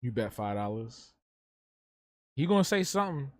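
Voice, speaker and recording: A man's voice: medium pitch, very animated, normal speed, dry recording. A young man hosting a live drawing stream, chatting loosely in slang and answering his chat. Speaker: livestreaming artist.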